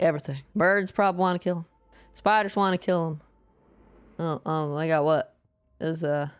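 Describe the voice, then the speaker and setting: A woman's voice: fairly low pitch, smooth. A woman with a Southeastern US accent chatting casually while streaming a video game, rambling and trailing off into stammered fillers.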